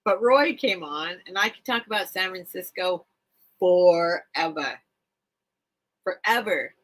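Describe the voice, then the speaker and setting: A woman's voice: medium pitch, expressive, normal speed, fairly bright tone. A woman hosting a live stream, chatting casually and emotionally with viewers, rambling and repeating herself. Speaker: live-stream seller and host.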